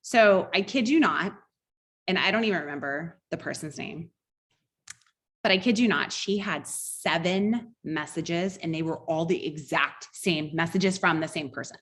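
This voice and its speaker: A woman's voice: on the low side, a little slow, a bit bright. A middle-aged woman coaching a sales team in an online training, upbeat and conversational, teaching through personal stories.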